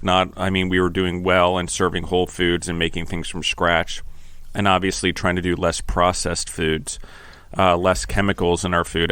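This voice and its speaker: A middle-aged man talks in a very low, smooth voice with a steady, flat delivery. He is earnest and reflective, pausing and restarting his thoughts. The sound is close and dry. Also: dry recording. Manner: earnest, halting, restarts phrases, gets emotional. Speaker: podcast host. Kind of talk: reflective interview talk.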